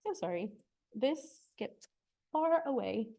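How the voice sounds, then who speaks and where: Higher-voiced young woman presenting research. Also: lively intonation, gravelly, dark tone. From United States. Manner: explanatory, with frequent filler pauses. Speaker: graduate student presenter.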